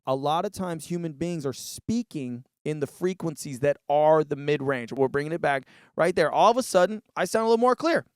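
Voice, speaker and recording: Laid-back man with a smooth, dry voice. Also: fairly high pitch, normal speed, darkish tone, no room sound. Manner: laid-back, says "dude" a lot, demonstrates with his voice. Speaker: music tutorial host. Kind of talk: casual instructional demo. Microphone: vocal mic through a live mixer.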